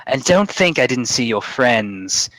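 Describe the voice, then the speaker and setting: A man voicing a creepy old woman peddler with yellow crooked teeth, slow and wheedling, in a tabletop game stream. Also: medium pitch, big pitch swings, dry recording, rough recording. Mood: sly. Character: creepy old female hag selling pies.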